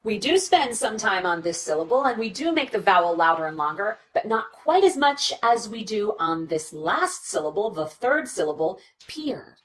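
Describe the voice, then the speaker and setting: Lively woman teaching pronunciation. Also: medium pitch, normal speed, hardly any pauses, far from the mic, poor audio. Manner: lively, demonstrative, models words aloud. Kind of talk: teaching video.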